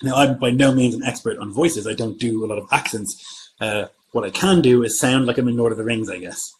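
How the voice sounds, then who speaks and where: A man's voice: mid-range voice, brisk, a little hiss or hum, low-quality recording. A man from Germany who runs tabletop games, chatting casually on a livestream and thinking aloud as he answers viewer comments. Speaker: game master.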